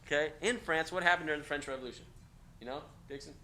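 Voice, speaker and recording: A man's voice: fairly high pitch, quick pace. A man teaching a college class, talking casually and energetically, checking in often with "okay?". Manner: energetic, conversational, frequent "okay?" check-ins. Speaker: college instructor. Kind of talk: classroom lecture. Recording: echoey classroom with faint noise.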